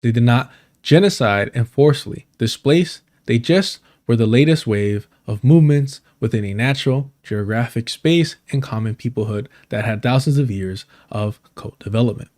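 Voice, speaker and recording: Male streamer host, mid-pitched, animated and self-mocking, casual live commentary. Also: normal speed. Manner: animated, self-deprecating, laughs through lines. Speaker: live streamer reading chat.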